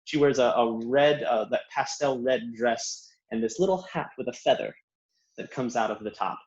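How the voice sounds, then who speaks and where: A man's voice: medium pitch, normal speed, a little mellow. A man as game master, narrating a tabletop game scene in descriptive detail with many fillers. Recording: dull lo-fi recording.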